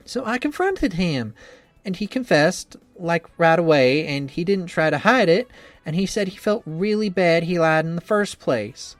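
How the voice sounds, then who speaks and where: Voicing a cheerful young female trainer fretting over her cooking, a man reads from a visual novel in an earnest, rambling, self-doubting style. His voice is on the high side and expressive, a little slow, with a dry recording and faint music in the background.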